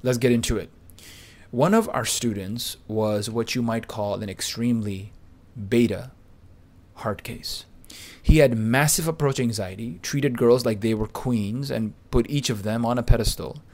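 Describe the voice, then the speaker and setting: A man narrating a podcast story from a script, with a boastful, pumped-up delivery. He leans on crude slang and gets louder at the exciting parts. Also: mid-range voice, normal speed. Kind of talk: reading a first-person anecdote aloud.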